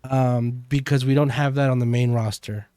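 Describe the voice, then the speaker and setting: A man's voice: medium pitch, steady tone, normal speed, warm tone, clear, resonant tone, no room sound, studio quality. Man casually recapping a show. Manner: rambling, many fillers. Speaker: podcast co-host. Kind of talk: casual chat recapping a TV episode.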